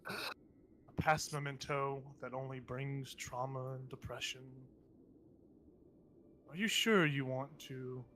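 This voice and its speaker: A man voicing a sinister, whispering female spirit parasite who taunts a character, speaking slowly and possessively. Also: mid-range voice, steady tone, slight background noise. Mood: taunting. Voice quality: whispered, hushed.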